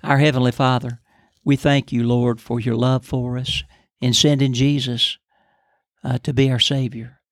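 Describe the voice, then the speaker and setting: A man's voice: mid-range voice, little pitch movement, measured pace, dry recording, studio quality. An older man co-hosting a podcast, telling a story and then praying in an earnest, preacherly way. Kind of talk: storytelling and prayer.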